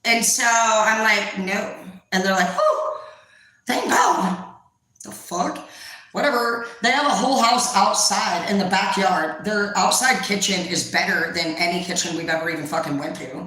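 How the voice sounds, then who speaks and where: A woman's voice: medium pitch, moderate pace, bright, forceful tone. A young woman doing a casual tarot reading, blunt, profane and rambling, in an echoey room. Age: young adult. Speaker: tarot reader.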